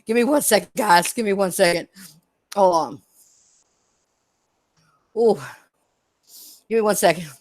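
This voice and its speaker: A woman's voice: mid-range voice, unhurried, long pauses, no room sound. Blunt, laughing woman streamer ranting to chat. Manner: blunt, animated, profane, laughs often. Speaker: gaming streamer. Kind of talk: live-stream rant to chat.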